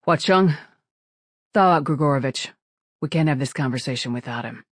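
A man voicing a pragmatic, sharp-tongued male ship captain in an audiobook. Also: medium pitch, moderate pace, no echo, clean studio sound, natural voice. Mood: firm. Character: gruff middle-aged male ship captain.

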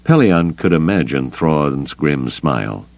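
A man narrating an audiobook in a steady, even storytelling manner. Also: a bass voice, measured pace, gravelly, no echo, highs cut off. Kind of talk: scripted narration.

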